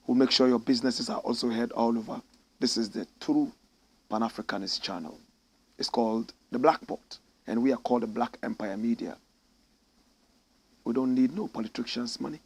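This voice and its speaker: A Ghanaian man hosting a live-streamed talk show, reading out viewer messages in a slightly croaky voice and breaking into loud exclamations. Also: medium pitch. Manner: animated, bursts into loud exclamations. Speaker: show host. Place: studio in Accra.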